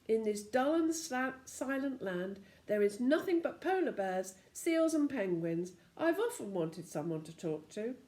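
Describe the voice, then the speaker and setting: A pompous snowman king who orders everyone about in a soft, snowy voice, as a grandmother puts him on. He sounds a touch higher and louder than her reading voice, with a lively, swinging pitch. This is storybook reading for children. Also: unhurried, few pauses. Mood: bossy. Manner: commanding, self-satisfied.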